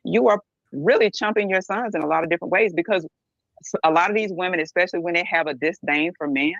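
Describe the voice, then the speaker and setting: A woman's voice: on the low side, quick pace, creaky, no echo, dull audio. A middle-aged woman speaking bluntly and emphatically as a podcast guest, often checking in with "right?". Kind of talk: candid podcast discussion.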